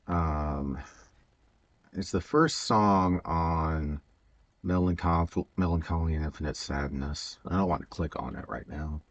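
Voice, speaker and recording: A man with an extremely low voice and a measured pace rambles casually while working on a Lego build, sounding hesitant with many fillers, stutters and frequent chuckles. The audio has its highs cut off.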